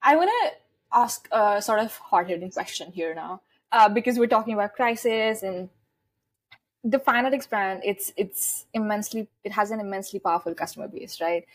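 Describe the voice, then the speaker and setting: A woman hosting a podcast interview, setting up her questions at length in a measured way. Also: medium pitch.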